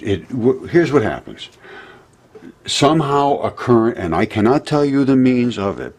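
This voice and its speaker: A man presenting an informal science lecture, explaining in a loose, animated way and sometimes acting out voices. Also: on the low side, slightly rough.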